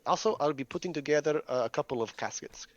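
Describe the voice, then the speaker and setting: A man's voice: a little high, fast, no echo, highs cut off. A man playing a tabletop game, earnestly and methodically asking the game master about rules. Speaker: player. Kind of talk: casual tabletop play.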